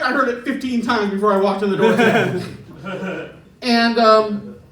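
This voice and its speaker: A man's voice: very high-pitched, pushed and bright, roomy sound, far from the mic, rough recording. A man doing a stand-up set in a club, chatty and chuckling through his punchlines. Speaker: stand-up comedian. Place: comedy club stage.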